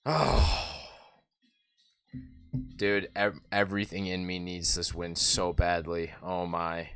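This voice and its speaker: Nervous, excitable man calling a game live. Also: deep voice, slow, clean tone, no echo, faint music behind. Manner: excitable, nervous, swings from loud cheering to muttering. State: sore throat. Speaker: live stream host. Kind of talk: live play-by-play and reaction.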